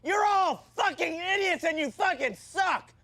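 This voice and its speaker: An actor playing a foul-mouthed, abusive male football coach who yells profane insults at his team in a comedy sketch. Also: extremely high pitch, animated, measured pace, heavily acted. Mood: yelling. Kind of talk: shouted sketch comedy acting.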